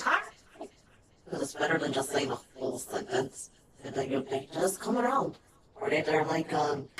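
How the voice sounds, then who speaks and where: A woman's voice: low-pitched, very noisy. A woman giving casual, chatty commentary while playing a horror game, explaining things on the side and swearing when annoyed. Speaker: game streamer. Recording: distant mic with loud game music.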